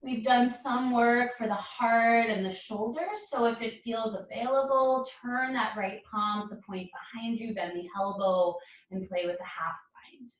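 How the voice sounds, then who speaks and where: A woman leading a yoga class, calling out poses and breaths in calm, encouraging cues. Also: on the high side, a little slow, hardly any pauses, far from the mic. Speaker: yoga instructor. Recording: roomy echo, speaker away from mic.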